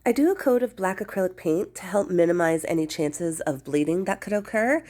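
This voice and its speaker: A woman's voice: fairly low pitch, expressive, fairly quick, a little mellow. A woman hosting a do-it-yourself channel, chatting casually through a crafting voice-over while congested and nasal from a cold. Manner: chatty and friendly, with fillers. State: congested, under the weather. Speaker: DIY channel host.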